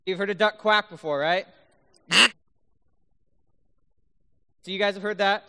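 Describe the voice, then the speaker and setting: A man giving a youth talk to high schoolers, playful and constantly checking in with the audience. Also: steady tone, unhurried, sharp tone, clear, resonant tone. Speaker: youth speaker. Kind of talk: youth talk with duck call demos. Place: large room full of high schoolers. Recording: long reverb in a hall.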